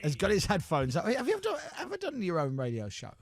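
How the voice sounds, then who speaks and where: A man's voice: high voice, quick pace. A man hosting breakfast radio chat, telling stories and acting out the voices he quotes. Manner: animated storyteller, acts out quoted voices. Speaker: radio host. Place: radio studio. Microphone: studio mic.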